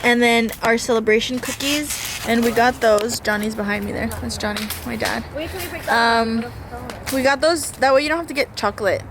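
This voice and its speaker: A young woman vlogs casually into a handheld camera, chatty and joking as she goes through her day, first outdoors by a backyard fire and then at home. Her voice is fairly high and her speed normal, with background noise present.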